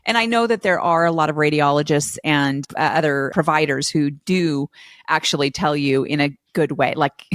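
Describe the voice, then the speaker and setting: A woman's voice: deep voice, no echo. A woman hosting a podcast, chatting with empathy and an easy laugh. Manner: empathetic, conversational, quick to laugh. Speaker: podcast host. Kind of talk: casual interview chat.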